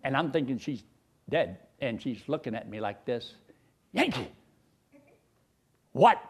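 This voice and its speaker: A man's voice: mid-range voice, normal speed, husky. A male pastor, preaching a sermon in a folksy, joking storyteller's way.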